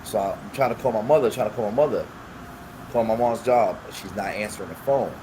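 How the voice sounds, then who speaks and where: A male podcast co-host with a lowish, fairly quick voice tells stories in casual chat, animatedly acting out the people in them and using heavy street slang. There is noise in the background.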